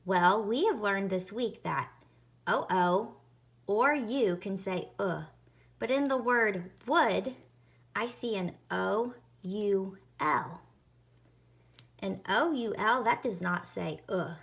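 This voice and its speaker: A woman teaching a phonics lesson to young children, sounding out each letter slowly and clearly. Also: mid-range voice, a bit bright.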